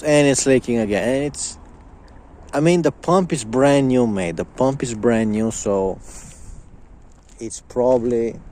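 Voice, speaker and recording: A man's voice: mid-range voice, a little mellow, slight background noise. A young man in a casual vlog, ranting angrily with lots of swearing and repetition. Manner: angry, profane, repetitive ranting. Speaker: vlogger.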